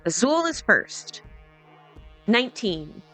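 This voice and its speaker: A woman running a tabletop game as game master, narrating and calling out turns in a measured way. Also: fairly high pitch, sing-song, bright, forceful tone, soft background music.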